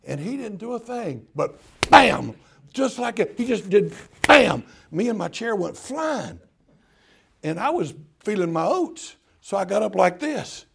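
An older man preaching with a Tennessee drawl, telling homespun stories with country humor. His voice is gravelly and a little husky, sitting slightly high for a man. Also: big pitch swings, unhurried, fairly bright tone. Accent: Southern US, Tennessee. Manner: folksy storytelling, drawling and humorous. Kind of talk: sermon.

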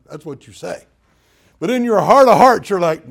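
A man's voice: high voice, expressive, moderate pace, creaky, a bit bright. An older man preaching a folksy sermon, joking with the congregation and acting out prayers in mock-crying voices. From Southern US. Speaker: pastor.

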